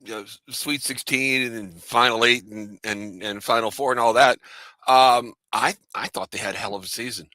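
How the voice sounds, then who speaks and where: A man's voice: medium pitch, steady tone, moderate pace, pushed and bright, no room sound. A man on a sports talk panel, joking and teasing the others as he talks. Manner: wisecracking, teasing.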